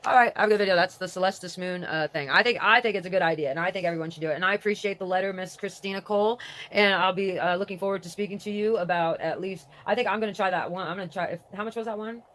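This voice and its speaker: An adult vlogger with a grown daughter, talking casually and reading aloud from a website. The talk rambles, interrupts itself, and swings between excitement and mourning. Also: mid-range voice, rapid-fire. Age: adult with a grown child.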